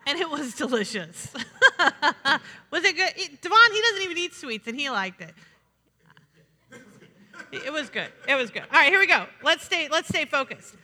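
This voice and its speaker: A woman pastor preaches a sermon in a very high, bright, ringing voice, lively and chatty, often turning aside to address her congregation. She speaks at a moderate pace with frequent pauses, and the church sanctuary adds a long reverb.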